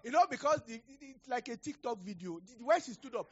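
A male pastor preaching a sermon, animated and acting out conversations, rising to loud declarations. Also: extremely high pitch, quick pace, breathy edge, muffled recording. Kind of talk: sermon with prophecy and storytelling.

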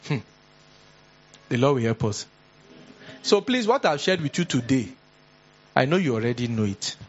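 A male pastor with a Nigerian English accent, preaching an earnest, exhorting sermon with animated storytelling. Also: mid-range voice, moderate pace, lo-fi sound.

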